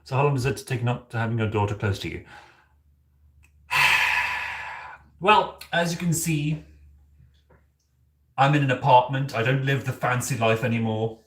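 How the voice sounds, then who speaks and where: The streamer's medium-pitched voice stays close to his everyday one, moving at a moderate pace with long pauses. In character as a campy, aristocratic owl demon prince, he cooks in an echoey kitchen with background noise, giggling and calling chat "darling."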